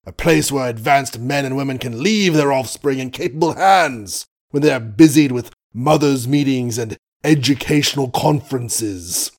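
A man voicing a gruff, blustering old male colonel in an audiobook, indignant and old-fashioned in his bluster. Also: medium pitch, moderate pace, few pauses, lightly acted. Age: older.

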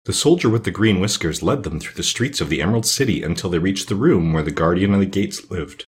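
A man with a low voice reads a children's storybook aloud at a fast clip. As the narrator, he expressively gives each character its own voice in turn, like an audiobook reader.

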